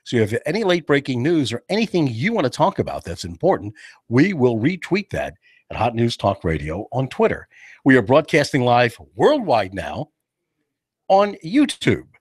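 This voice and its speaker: A man's voice: mid-range voice, moderate pace, husky, no room sound. A man hosting a talk radio show, chatting casually and jokingly in a studio. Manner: animated, jokey, acts out other people's voices. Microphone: studio microphone.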